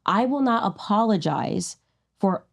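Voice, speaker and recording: A woman's voice: medium pitch, lively intonation, a little slow, gravelly. A woman in a heated podcast debate, firm and insistent, repeating her points. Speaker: podcast guest.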